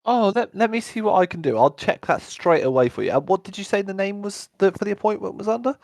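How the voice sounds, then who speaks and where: Guy doing a high sugary guard voice, all sympathy, fussing, calls folks lovely. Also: fast talker, darkish tone, no room sound, clean studio sound. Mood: fawning sympathy. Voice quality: sweet, fawning and overly solicitous. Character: gushing sympathetic male guard, fussing and soothing.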